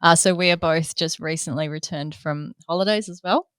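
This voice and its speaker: An Australian woman co-hosts a podcast with dry, teasing wit. Her voice is smooth and resonant, a little low. The recording is close and dry. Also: normal speed, a bit bright, no echo. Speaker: podcast co-host. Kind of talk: casual podcast chat.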